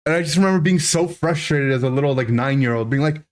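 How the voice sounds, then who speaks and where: A man's voice: fairly high pitch, fast talker. Rambling man telling a childhood story. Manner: animated, rambling, full of "right?" and "like". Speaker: streamer. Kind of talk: casual storytelling to a live chat.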